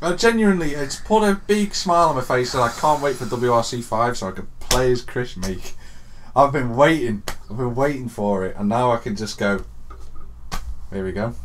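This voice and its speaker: Young guy on a podcast, gets loud and worked up then drops quiet, bit of hiss behind. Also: mid-range voice, moderate pace. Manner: animated storytelling, swings from hushed to shouting. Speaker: podcast co-host. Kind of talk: excited casual chat.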